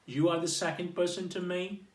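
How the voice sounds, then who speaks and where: A man teaching an informal English grammar lesson, explaining slowly and repeating himself, checking in with "okay?" after nearly every phrase. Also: high voice, steady tone, distant mic, a little hiss or hum. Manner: slow, repetitive explaining with restarts. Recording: echoey room, voice off-mic.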